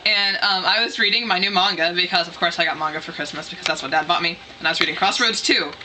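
A woman tells a story from her own life in a loose, excitable ramble, leaning on "like" again and again. Her voice is very bright and sharp. A faint hiss of noise sits under the recording. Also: lowish voice, fast. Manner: rambling, excitable, heavy use of "like". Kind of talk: casual personal anecdote.

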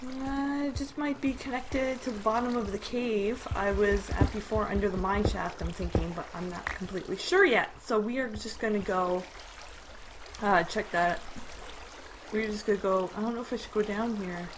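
A woman's voice: medium pitch, moderate pace. A young woman chatting casually over her gameplay, easily startled and poking fun at herself. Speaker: gamer. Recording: noisy home recording.

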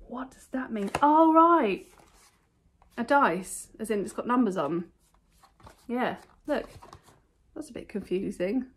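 Chatty british lady doing a haul video at home, talks fast and keen. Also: medium pitch, husky. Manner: chatty, enthusiastic, rambling. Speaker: vlogger showing a thrift haul. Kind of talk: casual chat to camera. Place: at home, indoors.

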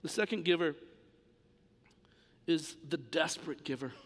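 Male pastor, impassioned sermon delivery, raspy-edged, reverberant sanctuary sound. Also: on the high side, measured pace. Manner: impassioned, emphatic preaching. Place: church sanctuary. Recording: long church reverb.

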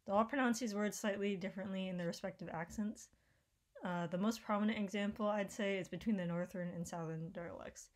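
A woman's voice: mid-range voice, fairly quick. Woman reading a presentation. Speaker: student presenter.

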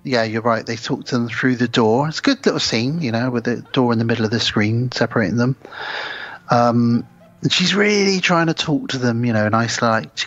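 A man's voice: medium pitch, moderate pace, faint music behind. A man co-hosting a podcast, casually recapping a film and acting out the characters' lines with gusto. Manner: animated retelling, acting out quoted lines. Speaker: podcast co-host. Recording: slightly dull lo-fi sound.

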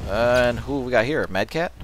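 A man's voice: mid-range voice, animated, moderate pace, background noise. A man giving casual gameplay commentary, muttering, joking and swearing, with game music behind him. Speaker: let's play host.

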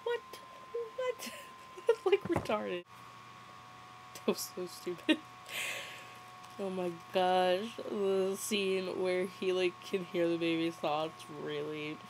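A woman's voice: lowish voice, slow pace, long pauses, a little mellow, slight background noise, poor audio. Young adult woman, sarcastic and giggly, casual running movie commentary.

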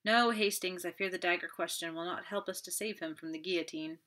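A woman's voice: on the low side, a little fast, bright, forceful tone. A woman voicing a fussy, proud male detective, formal and clipped. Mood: earnest. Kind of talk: audiobook character voice.

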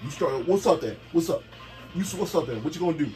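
A man's voice: on the high side, lively intonation, fast talker, darkish tone, soft background music. A middle-aged man, a father, trading boastful, teasing banter while hosting a family video game tournament. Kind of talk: casual trash-talk over gameplay.

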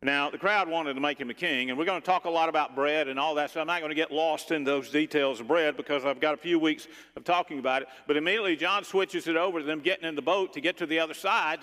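A male pastor preaching a sermon with a slightly high voice. He is dramatic and often sinks into hushed tones. A long reverb from the sanctuary trails behind him. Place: church sanctuary.

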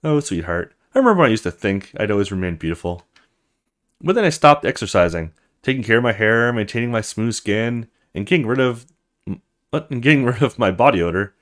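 A man's voice: on the low side, very animated, brisk, fairly bright tone. A man voicing a worn-out thirty-year-old woman in a video game, speaking ruefully and sardonically. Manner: rueful, sardonic, self-pitying. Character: weary 30-year-old woman, her own future self.

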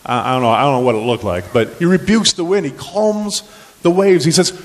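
A man preaching a sermon as pastor, animated and lively, acting out the scripture scenes as he goes. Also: a little high, fairly quick, few pauses, rough recording.

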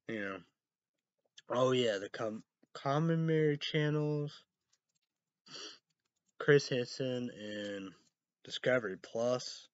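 A man vlogging in a rambling casual monologue, spelling words out letter by letter and breaking into high excited outbursts. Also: measured pace, pauses often, no room sound. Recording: dull lo-fi sound.

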